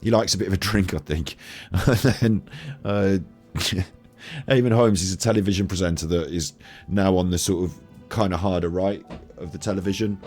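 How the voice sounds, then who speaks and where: A man's voice: low-pitched, normal speed, darkish tone, soft background music. A man streaming casual commentary over a video clip, chatty, laughing and swearing.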